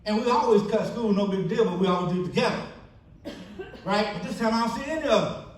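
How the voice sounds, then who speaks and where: Man, keynote testimony speaker, lively storyteller, higher voice, very echoey hall heard from afar. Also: quick pace, distant mic. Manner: storytelling, acts out quoted friends in animated bursts. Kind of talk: testimony speech at a banquet. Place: church banquet hall.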